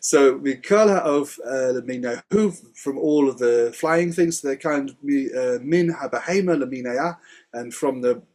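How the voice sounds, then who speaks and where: A man teaching Hebrew words in a relaxed Torah study conversation, chatty and quick to laugh. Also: mid-range voice. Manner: chatty, laughs often, explains word by word. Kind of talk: casual Torah study chat.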